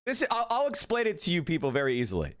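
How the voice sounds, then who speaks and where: A man in his thirties hosts a livestream and tears into clips with heated, profane mockery. His voice sits high for a man. The talk is loose and fast-reacting. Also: huge pitch swings, a bit bright. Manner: profane, heated, mocking rants. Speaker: streamer host. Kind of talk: casual livestream commentary.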